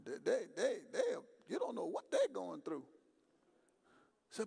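A man preaching a sermon in a conversational way, swinging from quiet storytelling to loud emphasis. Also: high voice, huge pitch swings, measured pace, vocal fry, slightly rough. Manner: conversational, swings from quiet to shouting, acts out dialogues. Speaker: pastor.

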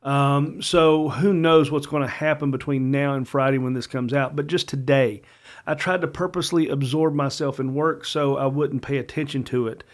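A man's voice: mid-range voice, fairly even intonation, normal speed. A man, a combat veteran co-hosting a podcast, talking with barely held anger and heat. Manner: angry, heated, emphatic. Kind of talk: casual podcast talk.

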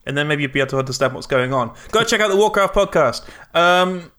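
A man co-hosting a casual podcast, eager and chatty, quick to laugh. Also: a little high, animated, a bit bright. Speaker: podcast co-host. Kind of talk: casual chat.

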